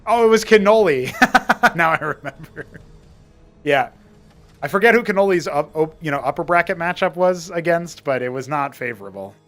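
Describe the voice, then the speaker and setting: Chatty, fairly high-voiced male game caster. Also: expressive, moderate pace, a bit bright, soft background music. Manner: chatty play-by-play that wanders into trivia. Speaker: esports caster and show host. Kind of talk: live game commentary.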